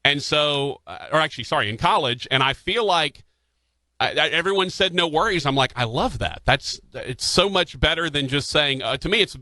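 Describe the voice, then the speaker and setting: A man's voice: mid-range voice, pushed and bright, dry recording. A man hosting a radio show, chatting casually with a guest, often restarting his sentences with fillers. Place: radio studio. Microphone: studio microphone.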